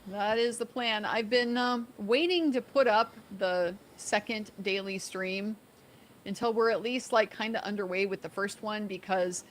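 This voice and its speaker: A woman on a live stream, chatting in a thoughtful, measured way and answering viewers' questions. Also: medium pitch, a little hiss or hum. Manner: thoughtful, measured, with small repeats. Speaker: fellow livestreamer. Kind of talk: casual live stream chat.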